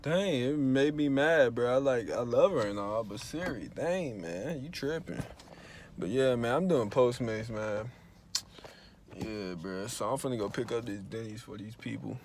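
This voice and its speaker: A young man vlogging in a casual, slangy, laid-back way, telling stories with animated bursts. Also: medium pitch, measured pace, a little hiss or hum. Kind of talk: casual vlog chat.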